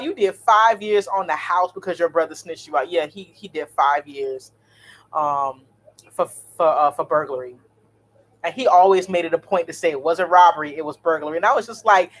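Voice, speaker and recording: A woman, in her thirties, telling a story in a blunt, animated, cursing vlog style. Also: fairly low pitch, moderate pace. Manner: blunt, animated, swears freely. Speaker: vlogger.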